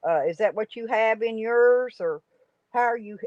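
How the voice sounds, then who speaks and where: A woman's voice: on the high side, normal speed, dry recording. Lady rambling to her stream chat, dry muffled lo-fi sound. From United States. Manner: rambling, chatty, greets viewers by name. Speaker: livestream host. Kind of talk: casual live chat reading comments. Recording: dry, dull lo-fi stream audio.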